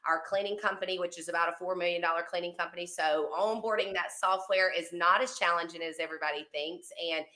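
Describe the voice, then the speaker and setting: A woman's voice: on the low side, fairly even intonation, fast, hardly any pauses. A woman from Mississippi with a Southern accent, a cleaning company owner chatting casually as a guest on a video call. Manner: chatty, warm storytelling with fillers. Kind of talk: casual panel chat.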